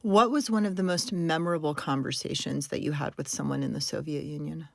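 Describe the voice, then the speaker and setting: Female host, deep and gravelly, dry mic, measured questions. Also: a little mellow, no echo. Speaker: podcast host, interviewer. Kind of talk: interview questions.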